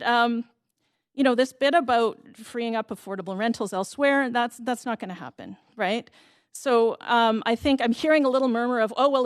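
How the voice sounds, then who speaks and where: A woman in her thirties or forties gives public comment at a city council hearing. Her voice sits a little high and close, with a dry, dead sound. She pleads with feeling and breaks into brief laughs. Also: no echo.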